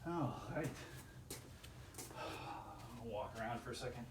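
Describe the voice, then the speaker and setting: A man's voice: mid-range voice, slow, far from the mic. A man doing a home workout, rambling casually and counting reps under his breath, a little strained from the exercise. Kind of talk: casual self-filmed workout commentary. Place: indoor room with chairs. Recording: echoey room, voice from off-mic, faint ambient noise.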